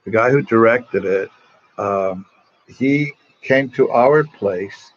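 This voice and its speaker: Here the older priest speaks at a medium pitch and takes his time, recorded with lo-fi sound. He rambles casually through warm personal anecdotes for viewers online, often beginning his sentences again.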